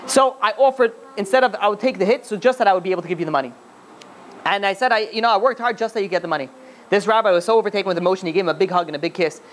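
Male rabbi, rapid-fire storyteller who acts out every character; slight room noise. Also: high voice. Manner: animated, acts out characters with many restarts. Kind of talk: storytelling sermon.

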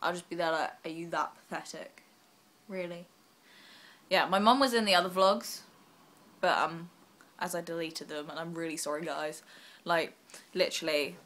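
A young woman vlogging casually while she is unwell, rambling and self-deprecating with quick asides. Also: on the low side, fairly bright tone. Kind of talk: casual vlog chat.

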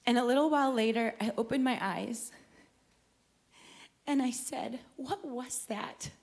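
A woman's voice: on the high side, normal speed, vocal fry. A middle-aged woman, a singer, sharing her personal testimony as heartfelt storytelling, acting out her younger self.

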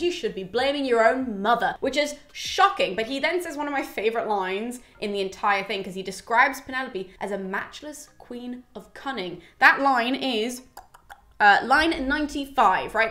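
A woman chatting through an old epic in a rapid, casual way, with the odd swear word. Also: a little high, bright, forceful tone, echoey room. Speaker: literature explainer. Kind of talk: casual explanatory chat.

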